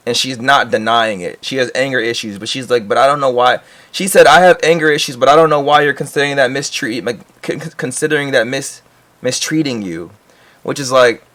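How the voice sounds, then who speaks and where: A man's voice: mid-range voice, fairly bright tone. A man giving casual, blunt reaction commentary on a video, talking in slang and sounding incredulous. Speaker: reaction streamer.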